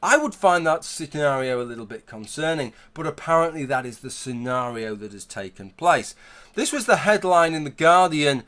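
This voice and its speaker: A man's voice: on the high side, expressive, normal speed, fairly bright tone. A man giving a conversational opinion commentary, arguing his point through hypothetical scenarios. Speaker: YouTube commentator.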